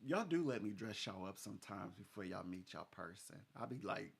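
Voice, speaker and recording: Here a man with a lowish, expressive voice speaks at a moderate pace, with vocal fry and a breathy edge. Working as a psychic reader, he rambles through a casual chat with a client, laughing frequently and mimicking others' quoted words.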